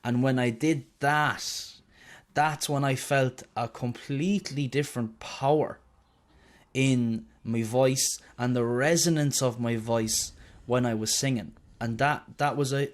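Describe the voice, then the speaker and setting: Chatty Irish man telling stories. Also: mid-range voice. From Ireland. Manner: chatty storyteller, swears and jokes about himself. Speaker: guest singer. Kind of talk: casual interview chat.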